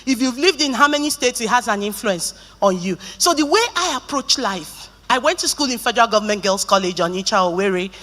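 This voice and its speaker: A woman's voice: a little high, quick pace. A middle-aged Nigerian woman giving a keynote talk, telling stories and joking with the audience. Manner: lively storytelling, joking with the audience. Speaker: conference speaker. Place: conference hall. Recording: reverberant conference hall.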